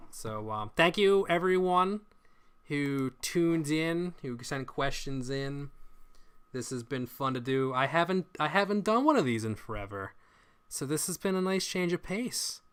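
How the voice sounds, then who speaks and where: A man hosting a casual livestream chat show, animated, laughing often and restarting his sentences. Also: mid-range voice, clean tone. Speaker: podcast host.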